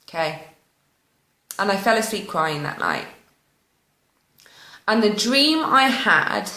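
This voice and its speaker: A woman's voice: medium pitch, pushed and bright. Woman spilling her story raw and unfiltered, bit of echo in the room. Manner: raw, candid, emotional, swears freely. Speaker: spiritual vlogger. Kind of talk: personal confessional storytelling. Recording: roomy echo.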